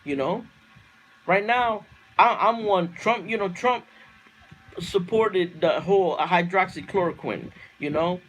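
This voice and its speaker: A man with a high voice rants fiercely on a livestream, swearing freely and circling back on his points. He keeps pushing into loud outbursts. A faint hiss sits under his voice. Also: slow pace. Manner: fiery, profane, repeats himself, laughs at own lines. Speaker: livestream host reading viewer comments. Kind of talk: heated political rant on a livestream.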